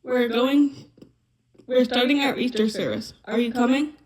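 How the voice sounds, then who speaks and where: A woman voicing a kindly, wise woodland owl in a whispered role-play with a gentle, coaxing manner. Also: a little high, unhurried, natural voice.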